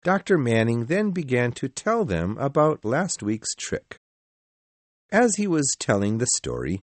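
A man narrating a story in the first person in a measured, expressive reading. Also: medium pitch, no echo.

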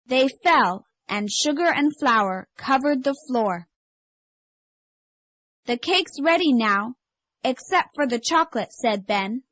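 Woman reader for a learner storybook, slow, slightly high voice, dull dry tape sound. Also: expressive, a bit bright, no echo. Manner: clear, measured storybook delivery.

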